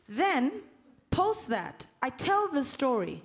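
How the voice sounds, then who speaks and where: A woman with a high voice moderates a live panel discussion. She tells her stories with wry humour and goes low and measured when she quotes her own calm answers.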